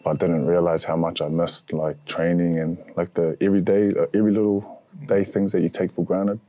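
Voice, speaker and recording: A young man, a rugby player, talking reflectively in casual chat, pausing often with fillers. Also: low voice, little pitch movement, dark tone, no echo.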